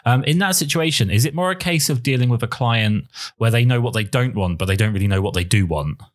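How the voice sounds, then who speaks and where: A man hosting a podcast, asking measured, thoughtful interview questions. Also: medium pitch, expressive. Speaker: podcast host.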